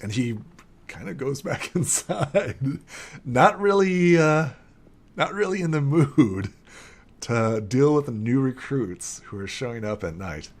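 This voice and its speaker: A man's voice: medium pitch, expressive, slow. A young man narrating as game master in a tabletop game, rambling with many fillers.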